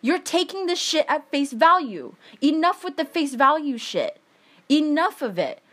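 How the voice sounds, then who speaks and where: A woman's voice: high voice, very animated, measured pace, a bit bright. A young woman in a heated, emphatic monologue, swearing often as she rants. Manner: angry, swearing, emphatic ranting.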